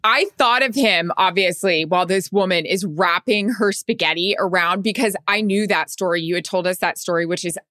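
A woman's voice: fairly low pitch, moderate pace, few pauses, a bit bright, no echo, clean studio sound. A woman co-hosting a casual podcast, speaking with enthusiasm and acting out imagined dialogue. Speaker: podcast co-host. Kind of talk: casual chat.

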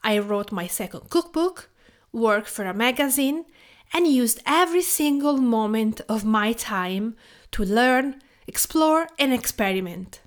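Woman, around 40, Italian accent, a bit high-voiced; podcast host doing calm, measured scripted narration. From Tuscany, Italy. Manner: calm, measured reading with a personal storytelling tone. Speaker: podcast host and home cook.

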